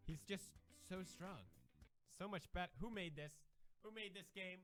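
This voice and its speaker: A young man giving loud, jokey let's-play commentary while playing a game, swearing often. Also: high voice, a little slow, soft background music. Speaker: gamer.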